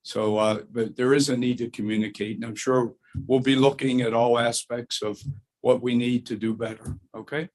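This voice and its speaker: A hoarse man chairs a school board meeting. He speaks plainly, clears his throat now and then, and reads a formal resolution at a measured pace. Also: mid-range voice, fairly even intonation.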